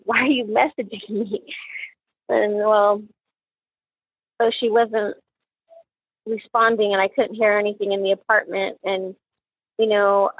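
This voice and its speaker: A middle-aged woman recounting her daughter's last day for a true crime podcast, halting and often repeating words as she quotes what was said. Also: mid-range voice, dry recording, phone-quality sound.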